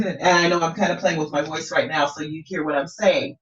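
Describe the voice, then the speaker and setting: A woman's voice: fairly low pitch, fairly even intonation, fairly quick. Woman, coach, encouraging, dull lo-fi recording, echoey room. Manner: encouraging, frequent "okay?" check-ins. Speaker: business coach. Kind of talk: coaching lesson. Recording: roomy, distant, dull lo-fi sound.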